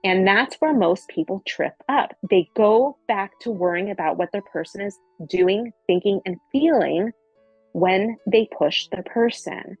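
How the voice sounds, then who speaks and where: Husky-voiced woman coaching earnestly. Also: mid-range voice, unhurried, darkish tone, no echo, highs cut off, faint music behind. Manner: earnest, repeats phrases for emphasis. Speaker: spiritual relationship coach. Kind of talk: casual spiritual coaching talk.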